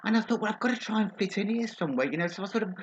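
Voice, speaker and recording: A man's voice: sits high, expressive, rapid-fire, highs cut off, a little hiss or hum. A man playing a chatty middle-aged female agony aunt from Birmingham who calls everyone darling and drops innuendo. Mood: gossipy. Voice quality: gossipy, innuendo-laden, calls people darling. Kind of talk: comic advice show monologue.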